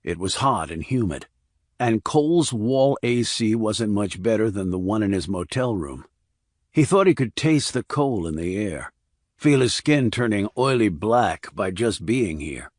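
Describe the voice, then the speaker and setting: Brief: male audiobook narrator, low-pitched, steady reading, dry studio sound. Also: measured pace, dry recording. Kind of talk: scripted thriller narration.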